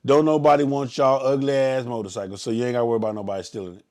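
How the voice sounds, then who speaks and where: A Southern US man briefs his motorcycle club riders in a loose, preachy live stream. He talks plainly at an average pitch and every so often breaks into loud, profane yelling. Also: little pitch movement, racing. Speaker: motorcycle club ride leader.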